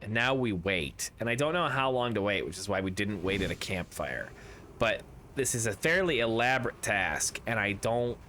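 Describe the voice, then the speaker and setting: A man with a bright, forceful voice talks to his stream audience as he plays, rambling from joke to joke. A faint hum of game ambience sits behind his desk mic. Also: lowish voice, lively intonation, moderate pace. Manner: rambling, jokey, reads chat aloud. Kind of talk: casual game stream chat.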